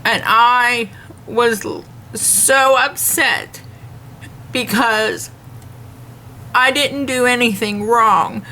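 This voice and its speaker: A woman talks straight to camera in an earnest, devout way, airing a complaint. She speaks slowly and deliberately in a somewhat high, bright voice. A faint background hum runs under her words. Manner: earnest, measured, retells dialogue in detail. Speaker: vlogger.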